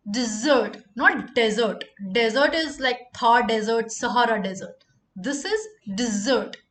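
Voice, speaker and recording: Slow, high-voiced woman teaching pronunciation. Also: sharp tone. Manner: repeats words slowly for emphasis. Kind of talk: pronunciation lesson.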